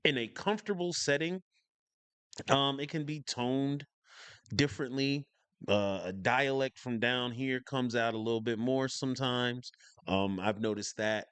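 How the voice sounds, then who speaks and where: A man hosts a casual reaction video. He enunciates clearly and lays out his opinions emphatically, repeating lines to drive them home. His voice sits at an ordinary middle pitch, and the dry recording has no room sound. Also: a little slow, a bit bright, no echo. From northern United States. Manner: lecturing, repeats points for stress. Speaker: reaction channel host.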